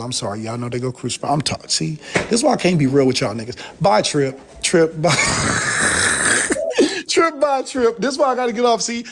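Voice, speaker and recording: A man, a guest on a live stream, ranting in a profane, emphatic and rambling way after he has been drinking. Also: sits high. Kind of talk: heated casual rant.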